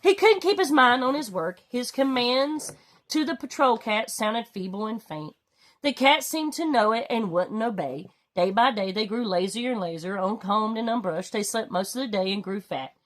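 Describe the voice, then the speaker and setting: A woman reading a children's storybook aloud with expressive, dramatic delivery. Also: moderate pace. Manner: expressive, swinging pitch for drama. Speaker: storybook reader. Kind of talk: read-aloud storybook narration.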